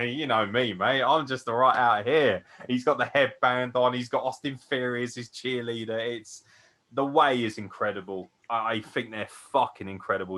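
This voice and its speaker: A tired man co-hosting a wrestling podcast, gushing excitedly and swearing a lot as he rambles. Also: lowish voice. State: tired from no sleep. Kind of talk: excited casual chat.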